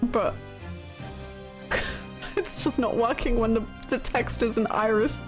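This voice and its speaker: A woman's voice: a little high, steady tone, takes it slowly. A woman streamer chatting casually and laughing at herself while she plays a video game, with game music behind. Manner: giggly, self-deprecating chatter.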